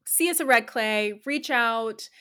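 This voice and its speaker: A woman's voice: a little high, measured pace, sharp tone, clear, resonant tone. A young woman co-hosting a podcast, chatting casually and rambling with frequent giggles. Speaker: podcast co-host. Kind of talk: casual chat.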